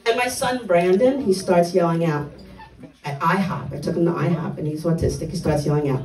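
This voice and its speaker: An older woman doing a stand-up comedy set on a club stage, delivering blunt, dark one-liners with punchy timing. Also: lowish voice, brisk, reverberant, distant mic, rough recording.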